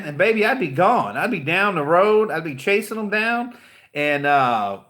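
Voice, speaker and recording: A man's voice: sits high, big pitch swings, moderate pace, a bit bright. A middle-aged man with a Southern American accent, giving blunt, joking motivational advice to car salesmen. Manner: blunt, profane, joking, rambling. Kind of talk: casual motivational livestream talk.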